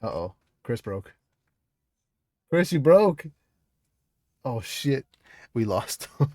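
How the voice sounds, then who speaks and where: A man's voice: mid-range voice, sing-song, slow pace, mellow, no room sound. A man hosting a casual interview over a video call, laughing often and talking loosely with plenty of fillers and swearing. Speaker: podcast host.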